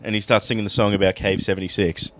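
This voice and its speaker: A man's voice: on the low side, level tone, quick pace. A man co-hosting a casual chat about a TV episode, blunt and teasing with crude jokes. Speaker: podcast co-host.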